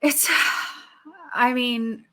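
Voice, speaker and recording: A woman in casual chat, giving short, unhurried replies as a listener. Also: a little high, sharp tone.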